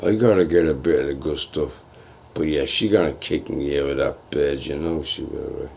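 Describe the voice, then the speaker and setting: A man's voice: a bass voice, moderate pace, creaky, darkish tone, a little hiss or hum. A young man streaming, ranting to his chat in a profane, trash-talking way. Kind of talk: livestream rant to chat.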